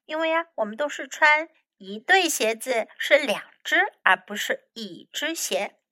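A woman English teacher reading a children's story aloud and then teaching words from it, slowly and carefully. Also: high-pitched, lively intonation, bright, forceful tone, no echo.

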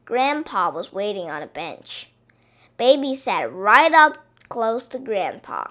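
A woman reading a children's picture book aloud in an expressive, drawn-out way. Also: mid-range voice.

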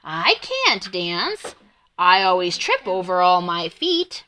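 A woman's voice: lowish voice, wildly swooping pitch, slow pace, pushed and bright, exaggerated voice, rough recording. A woman reading aloud, voicing a clumsy, worried young male centipede in a timid, anxious storybook voice.

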